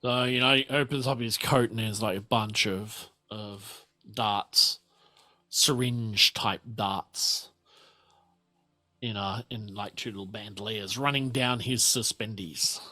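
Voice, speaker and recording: Slow, bright-voiced Australian game master. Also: male voice, on the low side. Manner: relaxed, rambling, many fillers. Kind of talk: narrating a tabletop game.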